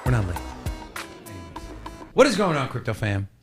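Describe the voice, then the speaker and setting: A man's voice: medium pitch, wildly swooping pitch, moderate pace, loud music behind the voice. A man co-hosting a live show from a studio, upbeat and teasing in casual chat. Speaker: co-host of a live crypto show.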